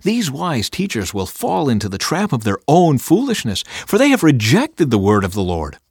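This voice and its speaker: A man's voice: mid-range voice, wildly swooping pitch, a little mellow, husky, no echo, studio quality. Man giving a solemn scripture reading. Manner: measured, solemn and dramatic reading. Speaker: scripture reader.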